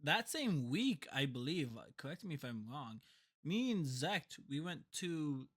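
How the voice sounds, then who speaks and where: A man's voice: on the high side, big pitch swings, unhurried, a bit bright. A man co-hosting a podcast, telling a story in casual chat, rambling and laughing often. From a reservation community. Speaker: podcast co-host.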